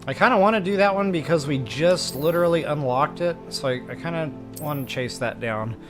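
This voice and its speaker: A man's voice: a little high, brisk, music in the background. Chatty middle-aged male game streamer. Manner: chatty, laughs easily, tells stories. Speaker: gaming streamer. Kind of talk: casual gameplay commentary.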